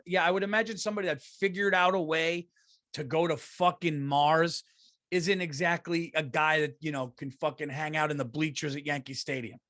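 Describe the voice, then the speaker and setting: A middle-aged man, hosting a comedy podcast and ranting profanely, swinging from loud outbursts to low mutters. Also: fairly even intonation, brisk, dry recording, clean studio sound.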